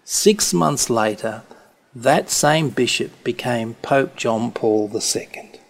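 A man preaching a sermon, speaking slowly and stressing key words deliberately. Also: mid-range voice, lively intonation, vocal fry.

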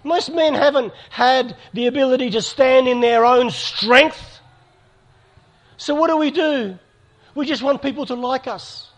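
A man's voice: very high-pitched, a little slow. A middle-aged man giving an earnest talk to an audience, telling stories. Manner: storytelling, earnest, with acted dialogue. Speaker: speaker. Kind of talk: sermon to a live audience.

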